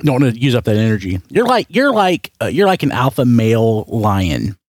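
A man's voice: medium pitch, very animated, normal speed, no room sound, studio quality. A man hosting a casual podcast chat, rambling and joking, often correcting himself mid-sentence. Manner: rambling, self-correcting, jokey. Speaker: podcast host.

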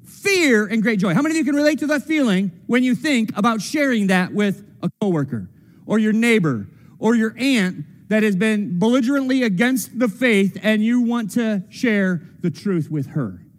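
A man's voice: high voice, big pitch swings, normal speed, big-room sound. A man preaching a sermon as a pastor, casual and joking, with playful quoted voices. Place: church sanctuary.

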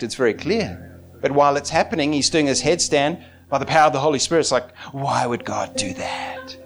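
A man preaching a sermon in an animated way, often breaking into laughter as he talks. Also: medium pitch.

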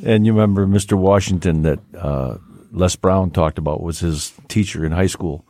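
Deep dark-toned guy, casual podcast host, dry sound. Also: moderate pace, dry recording. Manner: brief affirming interjections. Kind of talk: casual chat.

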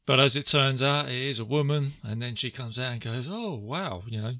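A man's voice: medium pitch, steady tone, a little fast, pushed and bright, dry recording, studio quality. A man co-hosting a casual movie podcast, retelling scenes with quoted lines and frequent laughs. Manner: chatty storyteller, quoting lines and laughing. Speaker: podcast co-host. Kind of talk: casual movie recap chat.

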